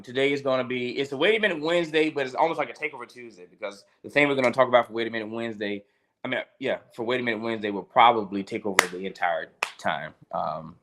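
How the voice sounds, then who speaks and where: A man's voice: on the low side, sharp tone. Chatty male pastor preaching a casual livestream devotional. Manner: chatty, greets viewers by name between points; repeats key lines for emphasis.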